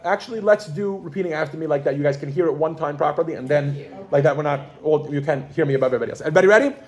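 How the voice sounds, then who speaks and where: A man's voice: on the high side, very fast, a little mellow. A man teaching a beginners' Yiddish class to a group, playful and joking as he leads them through counting. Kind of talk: classroom lesson. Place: classroom with a group of adult learners.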